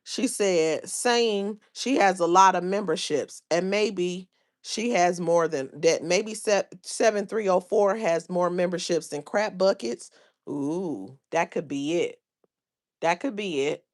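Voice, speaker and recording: A woman's voice: fairly low pitch, slow. A woman hosting a livestream, chatting casually about online drama and reading viewers' comments aloud in a drawling, gossipy way. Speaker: livestream host.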